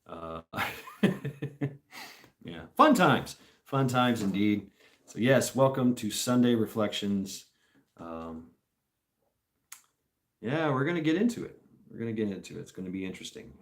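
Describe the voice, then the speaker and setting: A man hosts a casual livestream, rambling and chuckling as he talks with viewers, drawing things out slowly. His voice is lowish and very animated.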